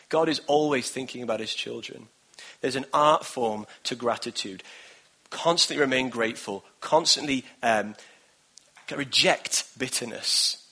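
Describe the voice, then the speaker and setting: A man's voice: medium pitch, a little slow, sharp tone, slightly rough. A man in his thirties preaching a sermon in an earnest, encouraging way, with repeated phrases. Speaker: pastor.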